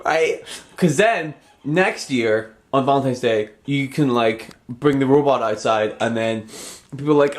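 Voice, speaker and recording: A man talking through a loose comedy vlog, deadpan and sarcastic, his sentences wandering off into mumbles and restarts. His voice sits at a middling pitch, neither deep nor high. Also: normal speed. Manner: rambling, sarcastic, trails off into mumbles. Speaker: comedy vlogger. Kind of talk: rambling deadpan comedy monologue.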